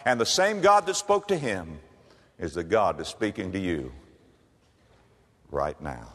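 A low-pitched male preacher delivering a dramatic sermon, his voice swinging from hushed, intimate prayer to ringing shouts. A long reverb trails every phrase from the large church space around him. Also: big pitch swings, measured pace, long pauses. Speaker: pastor.

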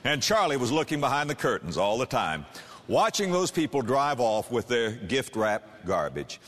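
A man preaching a sermon, emphatic and animated, slowing down for scripture and speeding up to press a point. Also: medium pitch, big-room sound.

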